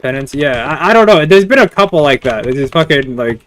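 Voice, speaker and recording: A man's voice: a little high, animated, brisk, fairly bright tone, no room sound. A man with a somewhat raised voice talks casually on a podcast. He rambles and hesitates, stringing thoughts together with constant "like"s. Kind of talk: casual chat.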